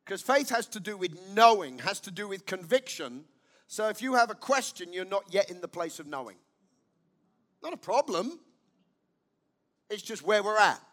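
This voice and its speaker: A man's voice: sits high, very animated, moderate pace, pauses often, fairly bright tone. A man preaching a sermon as pastor, emphatic, repeating key lines and asking his listeners questions.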